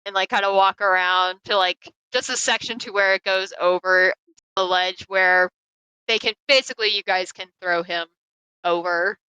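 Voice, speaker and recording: A woman narrates a tabletop game as its game master. Her voice is bright and crisp, and her talk is loose and chatty with plenty of fillers. She sounds close and dry on a call mic. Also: mid-range voice, fairly even intonation, normal speed, dry recording, rough recording.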